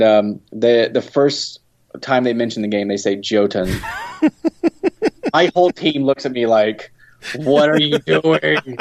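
Low-voiced hesitant man, muffled recording. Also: a little mellow. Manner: hesitant, many fillers and restarts. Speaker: guest from a game company. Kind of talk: casual interview answers. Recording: dull lo-fi sound.

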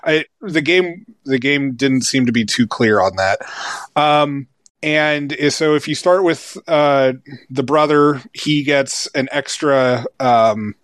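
A man's voice: medium pitch, takes it slowly, a bit bright, no echo. Rambling man in his thirties reviewing a game. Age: 30s. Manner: rambling, many fillers and restarts, laughs easily. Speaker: game reviewer, podcast co-host. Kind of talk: casual review chat.

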